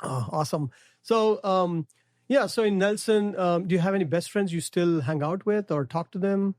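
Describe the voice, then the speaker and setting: A man's voice: high-pitched, moderate pace, a little mellow, no room sound, clean studio sound. A middle-aged man with an Indian English accent, hosting a podcast interview and asking questions with many fillers and restarts. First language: Telugu. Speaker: podcast host. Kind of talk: casual interview.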